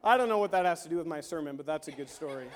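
Male pastor, high voice, lively storytelling sermon, hushed to shouting, long hall echo. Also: very fast. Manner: animated, swings from hushed to shouting.

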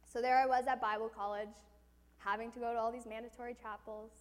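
A woman's voice: fairly high pitch, level tone, fast, in a large hall. A woman preaching a sermon, telling a personal story with animation and asking the audience questions.

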